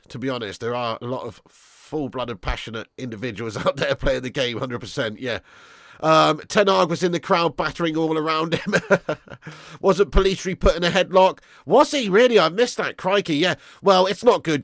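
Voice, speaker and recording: A young man hosting a casual live stream, bantering excitedly with chat, swearing and laughing. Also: mid-range voice, dry recording, clean studio sound. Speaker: livestream host.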